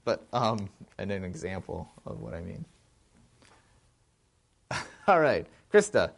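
Male discussion leader, low and gravelly, lively and thinking out loud. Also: slow pace. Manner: animated, thinks aloud with frequent restarts. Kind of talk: informal film discussion.

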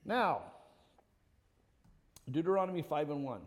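High-voiced preacher in a reverberant church. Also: male voice, moderate pace. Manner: animated preaching, addresses congregation by name, quotes scripture in old English. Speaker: pastor. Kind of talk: sermon. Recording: long reverb of a church hall.

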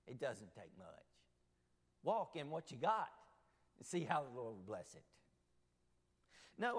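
Male pastor, lively swooping pitch, fairly high voice, long church reverb, loud-to-hushed sermon delivery. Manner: animated, swings from loud to hushed. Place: church sanctuary.

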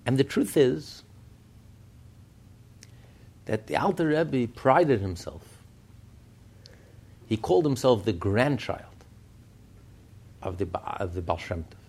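Gravelly, husky-voiced man teaching Torah. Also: mid-range voice, expressive, slow pace, pauses often, darkish tone. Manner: fires rhetorical questions, storytelling. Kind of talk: Chassidic Torah lesson.

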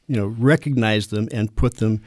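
A man who is a kennel club president and dog show judge, talking through judging points in a casual radio interview, measured and full of small fillers. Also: on the low side, darkish tone, dry recording. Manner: measured, explanatory, with frequent fillers.

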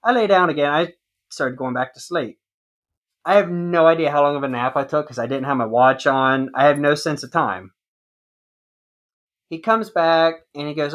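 A man co-hosting a casual podcast chat, telling a long personal story in an animated way. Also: a little high, moderate pace. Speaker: podcast co-host.

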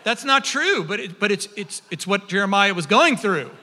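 Man, preacher, high and very bright voice, fervent sermon delivery, reverberant hall. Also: moderate pace. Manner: impassioned, animated, repeats words when building up.

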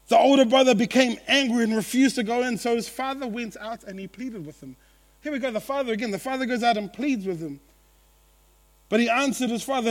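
A man with a fairly high voice preaches to his church with lively energy. He swings between loud, excited bursts and low, quiet stretches, and acts out the people in his story in little voices. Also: a little fast. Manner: animated, acts out quotes, laughs at own jokes. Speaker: pastor. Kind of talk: sermon.

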